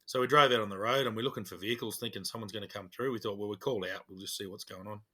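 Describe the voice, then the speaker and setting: Australian man, podcast co-host, bright forceful voice, lively storyteller, acts out the quotes, casual chat. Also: fairly low pitch, rapid-fire, breathy edge. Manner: animated, acts out dialogue in his stories. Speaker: podcast co-host, police officer.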